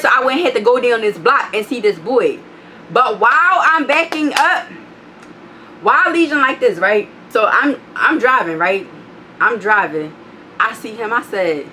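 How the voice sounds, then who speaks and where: A young woman vlogger telling an animated, profane storytime, acting out what people said with big jumps in pitch. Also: slight background noise.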